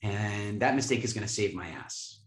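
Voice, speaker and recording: A man telling a self-mocking business story in an animated way, often repeating words. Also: on the low side, normal speed, reverberant. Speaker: guest, business owner. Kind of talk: storytelling interview.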